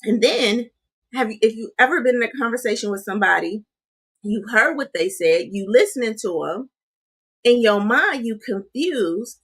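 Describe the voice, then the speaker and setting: A woman's voice: on the high side, expressive, moderate pace, fairly bright tone, slightly rough. A woman giving a live-streamed coaching talk, chatting with her audience, often asking "right?" and calling them "you guys" and "honey.". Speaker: life coach.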